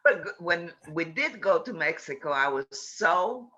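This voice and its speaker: Bright-voiced man musing slowly. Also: fairly high pitch, expressive, dull audio. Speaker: comedian guest. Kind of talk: casual chat on a video call.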